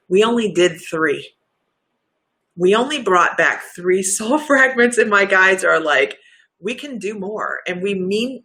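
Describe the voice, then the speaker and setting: A woman hosting a livestream as a psychic healer, chatty and effusive, laughing often and talking in quick bursts. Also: fairly low pitch, bright, forceful tone. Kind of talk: casual livestream chat.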